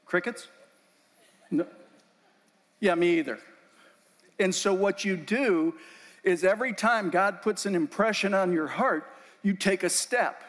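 High-voiced man telling a faith story. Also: unhurried, long pauses, fairly bright tone. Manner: storytelling, emotional, conversational asides to audience. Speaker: speaker. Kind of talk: inspirational faith talk. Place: event room. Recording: long hall reverb.

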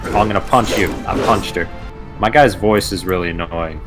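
A man's voice: sits low, normal speed. A man co-hosting a casual game let's play, wry and teasing, over faint game music. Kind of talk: casual gameplay chat.

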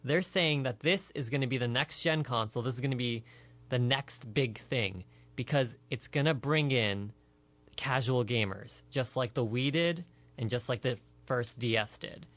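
A man's voice: mid-range voice, fairly bright tone. A young man co-hosting a radio talk show, casually presenting news items and moving the chat along. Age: young adult. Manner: brisk, moves the talk along to the next topic.

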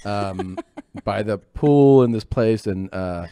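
Low-voiced man telling crude stories. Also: takes it slowly, warm tone, smooth, no echo, studio quality. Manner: crude, storytelling. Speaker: comedian on a podcast. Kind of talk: casual comedic chat.

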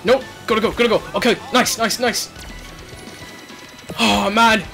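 A man commentating his own racing game play, excitable, shouting and laughing at the game. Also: high-pitched, measured pace, creaky, soft background music. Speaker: gaming channel host.

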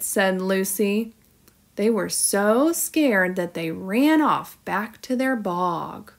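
A woman teacher reading a children's storybook aloud in an expressive, storytelling manner. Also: mid-range voice.

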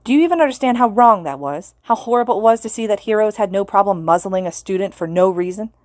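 A woman's voice: medium pitch, animated, fast, dry recording, studio quality, natural voice. A woman reading the lines of an indignant teenage boy, accusing and outraged.

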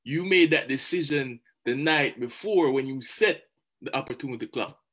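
A man giving a motivational talk, animated and chatty, often repeating words as he goes. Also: medium pitch, moderate pace. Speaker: motivational speaker.

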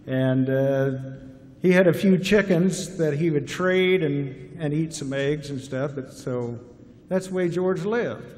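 A man's voice: a little high, slow, darkish tone. A man with a Southern US accent telling a folksy, humorous story at a graduation ceremony. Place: large hall at a graduation ceremony. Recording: reverberant hall, faint hiss.

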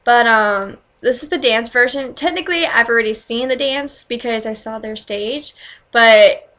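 A young woman chatting casually in a reaction video, gushing and excitable, full of "like" and "oh my god" fillers. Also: a little high, normal speed. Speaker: reaction vlogger. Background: music playing.

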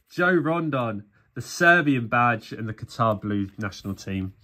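A man's voice: mid-range voice, animated, a little slow, pushed and bright. Tired, chatty English man vlogging. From England. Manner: chatty, self-mocking, addresses viewers as people. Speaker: sticker collecting YouTuber. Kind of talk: casual vlog commentary.

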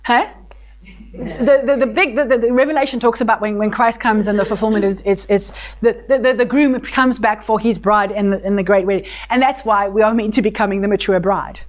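A woman's voice: mid-range voice, fairly even intonation, a little fast, dull audio. A woman teaching a Bible study group in a casual, conversational way, with many restarts, speaking tenderly when voicing God. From South Africa.

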